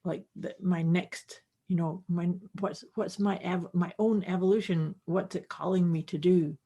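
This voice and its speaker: A woman co-hosting a podcast in casual chat, speaking reflectively and pausing to find her words. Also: on the low side, steady tone, mellow, slightly rough. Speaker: podcast co-host.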